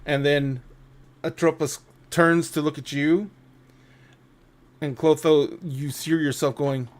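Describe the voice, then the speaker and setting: A man narrating a tabletop game as game master, thoughtful and unhurried. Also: on the high side, fairly even intonation. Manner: slow, thoughtful, with restarts.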